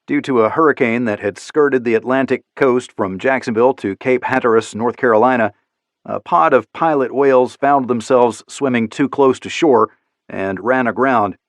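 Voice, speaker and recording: A man reading an audiobook in steady, measured scripted narration. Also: mid-range voice, no room sound.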